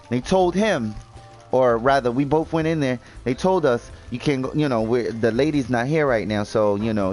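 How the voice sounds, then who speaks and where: A young man chatting casually while gaming, rambling with lots of fillers and swearing freely. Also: mid-range voice. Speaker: gaming video host.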